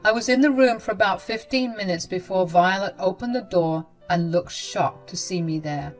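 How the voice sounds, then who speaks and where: A woman's voice: medium pitch, moderate pace, hardly any pauses, faint music behind. A woman narrating a first-person story in a subdued, earnest way.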